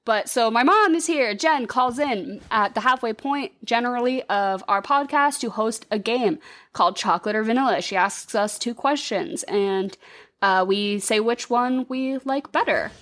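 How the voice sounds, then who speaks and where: A woman co-hosting a podcast in casual chat, animated and quick to laugh, often poking fun at herself. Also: a little high. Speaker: podcast co-host.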